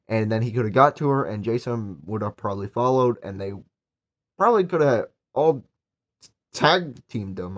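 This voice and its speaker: Rambling young man reviewing a movie. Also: medium pitch. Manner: rambling, filler-heavy, enthusiastic. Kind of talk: casual movie recap and review.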